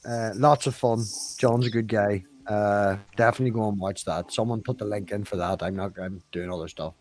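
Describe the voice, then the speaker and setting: A man's voice: lowish voice, fairly even intonation, brisk, a little mellow. A man, a guest on the show, chatting in a laid-back, offhand way. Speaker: guest, content creator. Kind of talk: casual chat.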